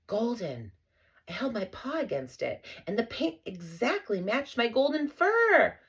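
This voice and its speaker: Expressive woman reading a children's story. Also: a little high, a little slow, husky. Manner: expressive, playful first-person narration. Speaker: audiobook reader.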